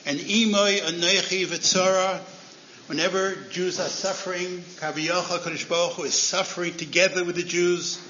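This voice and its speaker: A man's voice: high-pitched, fairly even intonation, moderate pace, bright, forceful tone, roomy sound, highs cut off, a little hiss or hum. A man giving a Torah lecture as a rabbi, telling stories and acting out the characters' lines with sudden rises in voice.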